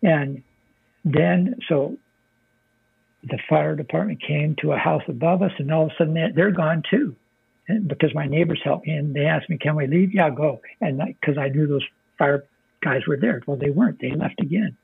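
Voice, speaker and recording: A man's voice: on the high side, normal speed, creaky, slightly rough, no room sound. An older American man, a military veteran, telling his story as an interview guest in a plainspoken way, swearing freely. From United States. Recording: dry, phone-like narrow sound.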